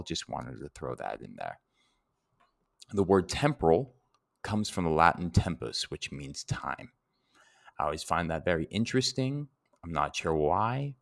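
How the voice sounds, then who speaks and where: Male podcast lecturer, very low voice, chatty and meandering, dry close mic. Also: a bit bright, no echo. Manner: conversational, rambling with fillers and self-corrections. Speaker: anatomy and etymology instructor.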